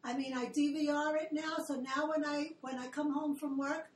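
Woman in her 60s, high voice, chatty guest, slightly off-mic in an echoey room. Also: little pitch movement, normal speed, a little hiss or hum. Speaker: guest, longtime fan. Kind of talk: casual chat. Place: home, family gathering.

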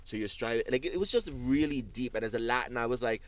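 Brief: male talk host, middle pitch, chatty and animated, a storyteller who acts out each quote. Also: fast talker. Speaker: show host. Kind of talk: casual chat recapping TV.

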